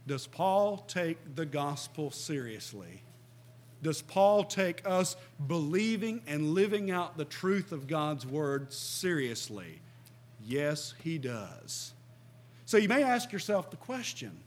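A man's voice: a little high, sing-song, slow. A middle-aged man preaching a sermon, earnest and emphatic, who reads scripture aloud and asks his listeners questions.

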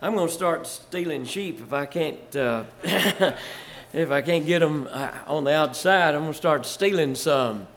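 Slow, folksy older pastor. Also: male voice, a little high, a bit bright. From Virginia. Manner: folksy, chuckling, rising to fervor. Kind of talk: storytelling testimony.

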